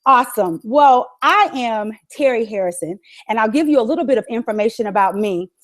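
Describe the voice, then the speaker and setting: A woman's voice: on the high side, expressive, fairly quick. A woman from Virginia giving a rousing motivational talk as the guest speaker on a webinar, full of rhetorical questions. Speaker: guest speaker and business coach. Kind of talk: motivational speech.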